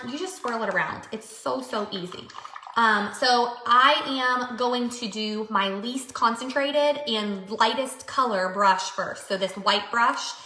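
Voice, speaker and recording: A chatty woman with a bright, forceful voice pitched a little high. She talks casually with lots of fillers as she demonstrates beauty products. Her voice rings in a roomy, echoey space. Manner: chatty, filler-heavy, upbeat. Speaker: beauty vlogger. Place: home room by mirror.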